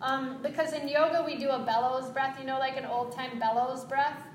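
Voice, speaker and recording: A woman teaching yoga breathing, giving gentle, encouraging cues with quick asides. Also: sits high, fairly even intonation, echoey room, slight background noise, poor audio. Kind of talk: guided breathing instruction.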